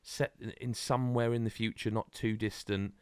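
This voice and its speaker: A man co-hosting a podcast in casual chat, rambling and animated with many restarts. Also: fairly low pitch, normal speed, clean tone, dry recording. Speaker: podcast co-host.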